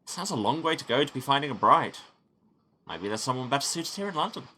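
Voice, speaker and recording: A man's voice: mid-range voice, big pitch swings, brisk, sharp tone, slight background noise, pitched above the performer's own voice. A man reading the lines of a prying census-taking investigator in a plain voice. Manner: plainly read, prying questions.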